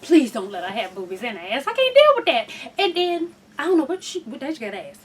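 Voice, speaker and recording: Woman host, high voice, very lively pitch, blunt and profane, loud bursts then hushed asides, slightly distant mic. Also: a little fast, husky. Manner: animated, swinging between loud outbursts and hushed asides. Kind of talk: candid casual chat.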